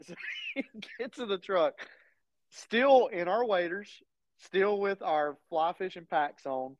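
A man chats on a podcast, laughing through his stories. His voice sits a bit high and swings widely in pitch. The sound is dull and lo-fi, close and dry. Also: slow pace, long pauses, no echo. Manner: laughing, animated storyteller. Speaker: podcast co-host. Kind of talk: casual storytelling chat.

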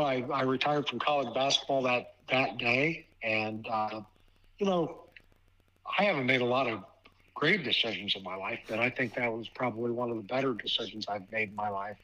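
A man in his fifties from Ohio, a basketball official guest telling a personal story in a halting way, often repeating words. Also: mid-range voice, pushed and bright, highs cut off. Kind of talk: casual storytelling interview.

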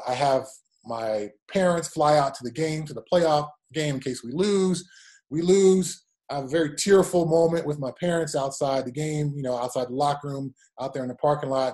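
A man in his forties, a former football player, telling stories in an interview and acting out quotes. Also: medium pitch. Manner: animated anecdotes with acted-out quotes. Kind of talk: storytelling interview.

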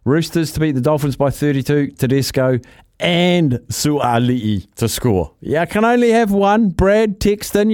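Brisk jokey male radio host, dry studio. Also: sits high, a little mellow, clear, resonant tone, dry recording. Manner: brisk, jokey, quick asides. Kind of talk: casual radio chat reading listener texts.

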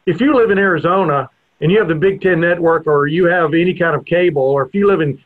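A man hosting a radio sports show, asking long, halting questions. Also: on the high side. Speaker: radio host. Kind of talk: casual radio interview. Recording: tinny phone-like radio audio.

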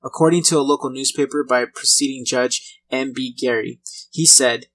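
A man narrates a true-crime history in a relaxed, conversational read at a mid-range pitch. He stumbles now and then and corrects himself, keeping an informal, unpolished delivery. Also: normal speed, low-quality recording. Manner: conversational reading with light laughs and small restarts.

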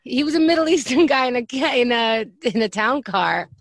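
A woman co-hosting a podcast, adding short, low-key remarks to the chat. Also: expressive, fairly quick, no echo, studio quality. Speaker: podcast co-host. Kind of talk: casual chat.

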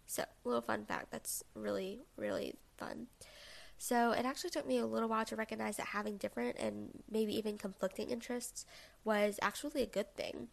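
A woman's voice: mid-range voice, gravelly. A woman, hosting her own podcast in a chatty, self-deprecating monologue full of fillers and asides. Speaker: podcast host. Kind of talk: casual solo podcast monologue.

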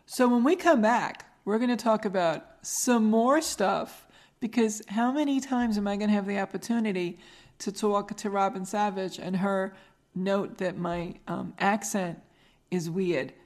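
A woman's voice: mid-range voice, unhurried, a little mellow. A middle-aged woman with a regional American accent, hosting a podcast and telling stories in casual chat, laughing often. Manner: chatty storyteller, laughs often. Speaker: podcast host.

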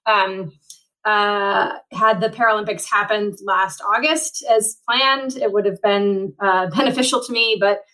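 A woman's voice: medium pitch, fairly even intonation, a little slow, bright, forceful tone, low-quality recording. Chatty woman in her forties. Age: 40s. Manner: rambling, frequent fillers and restarts. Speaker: Paralympic triathlete guest. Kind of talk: conversational interview storytelling.

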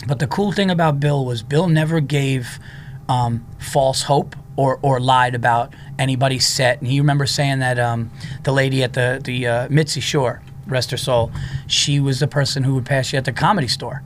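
A man in his forties, a comedian, telling stories in a casual, animated way and acting out the people he quotes. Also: medium pitch, moderate pace, a little hiss or hum. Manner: animated storyteller who acts out quotes. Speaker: comedian guest. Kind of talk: casual storytelling.

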